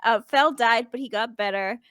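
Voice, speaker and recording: A woman with a higher voice runs a tabletop game and recaps it in a chatty, giggly way, filling gaps with ums. Her voice is close and dry, with no room sound around it. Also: normal speed, fairly bright tone, smooth, no room sound. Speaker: dungeon master.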